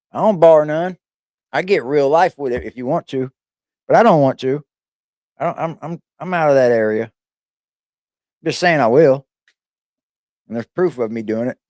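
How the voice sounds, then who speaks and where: A man's voice: a little high, darkish tone, no echo, clean studio sound. A man giving loose, profane, rambling reaction commentary on a stream, full of slang.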